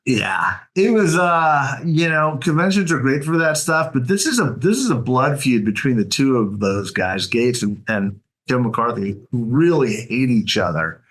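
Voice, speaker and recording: A man's voice: mid-range voice, moderate pace, hardly any pauses. A man co-hosting a political podcast, telling stories with relish in casual chat. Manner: lively storyteller, retells events with relish. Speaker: podcast co-host.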